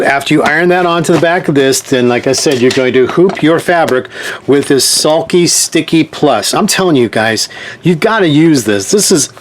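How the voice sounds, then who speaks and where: A man's voice: on the high side, a little hiss or hum. A man teaching a hands-on sewing demonstration in a chatty way, often checking in with his viewers. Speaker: sewing instructor.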